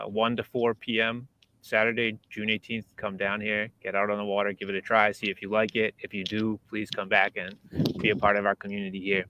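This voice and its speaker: A man speaking as a community organizer on a video call, making steady, earnest announcements. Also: fairly low pitch.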